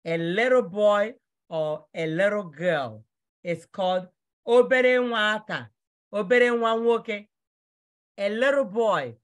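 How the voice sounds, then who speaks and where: A woman teaches a vocabulary lesson, repeating each word so students can copy how it is pronounced. She talks slowly and deliberately. Her voice sits at a middle pitch. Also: expressive. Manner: slow, repetitive drilling of words for pronunciation. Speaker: language teacher.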